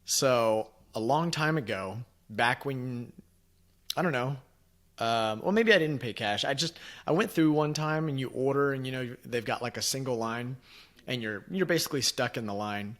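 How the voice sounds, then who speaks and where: A man's voice: mid-range voice, normal speed. Laid-back man on a podcast. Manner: laughing, relaxed, swears casually. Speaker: podcast co-host. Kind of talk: casual chat.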